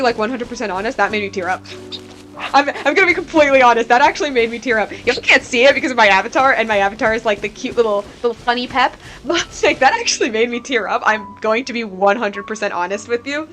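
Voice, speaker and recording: A woman's voice: on the high side, lively intonation, fast, fairly bright tone, soft background music. A woman streamer talking casually about a game, rambling and candid, filling her talk with "like". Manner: rambling and candid, heavy with "like" fillers.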